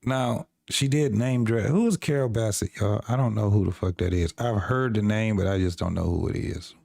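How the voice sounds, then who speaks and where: A man's voice: fairly low pitch, moderate pace, creaky, mellow, no room sound, clean studio sound. A man hosting a podcast, reacting to video clips with exasperated, profane ranting.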